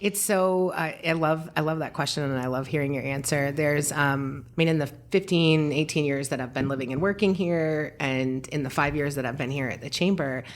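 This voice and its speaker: Woman host, very low voice, chatty, encouraging, playful. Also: normal speed, few pauses. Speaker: interview host. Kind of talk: casual interview chat.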